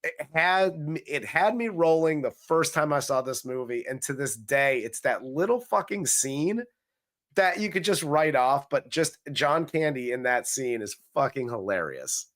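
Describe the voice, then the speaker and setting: A man's voice: fairly high pitch, measured pace. A man co-hosting a movie review podcast in casual chat, cursing freely and acting out scenes as he retells them. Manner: profane, animated retelling of scenes.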